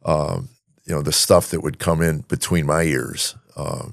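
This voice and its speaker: A man hosting a podcast in casual chat, halting, with many fillers and restarts. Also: rumbling low, vocal fry, no echo, clean studio sound. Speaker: podcast host.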